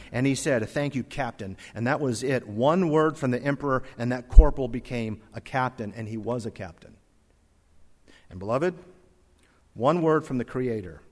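Male preacher mid-sermon, emphatic delivery with sudden drops to a hush, recorded in a reverberant hall. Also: medium pitch. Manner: emphatic, swings from loud to soft, reads scripture aloud. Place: church hall with congregation.

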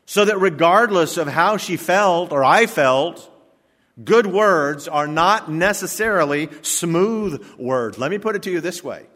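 A man's voice: high voice, animated, measured pace, fairly bright tone. A male pastor giving a sermon, preaching emphatically with joking asides in a church sanctuary. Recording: long reverb of a church hall.

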